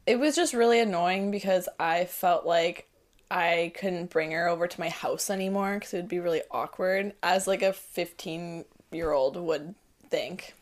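A woman in her twenties telling a personal story as a podcast guest, chatty and animated, full of fillers. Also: fairly low pitch, moderate pace. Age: 20s. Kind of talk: casual storytelling.

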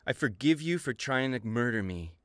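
A man plays a tabletop game in character. He rambles along, joking in a deadpan way. His voice is mid-pitched, and the sound is dry and close. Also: moderate pace, no echo. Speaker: player.

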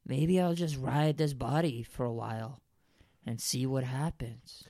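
A man performing improv comedy, talking in an excitable way and swinging into shrill, high outbursts. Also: unhurried, no echo, clean studio sound. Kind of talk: improv comedy role-play.

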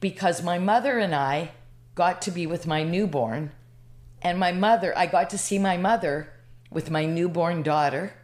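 A woman's voice: fairly low pitch, normal speed, a little mellow. A woman in her sixties from Canada, a podcast guest telling a personal story in a rambling, emotional way. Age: 60s. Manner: rambling, emotional, lots of restarts.

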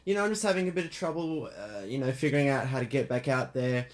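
A man putting on an awkward Australian caller who rambles and stalls with fillers. The voice is silly and exaggerated, pitched in an ordinary middle range for a man. It plays as a comedic call-in bit. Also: fast talker, lightly acted. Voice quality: put-on silly voice, hesitant with many fillers.

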